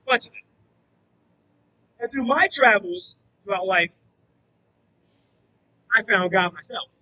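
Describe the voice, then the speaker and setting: High, bright-voiced man giving testimony. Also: unhurried, muffled recording, a little hiss or hum. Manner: earnest storytelling that acts out dialogue. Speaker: former drug trafficker, now youth mentor. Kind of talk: personal testimony to a church audience.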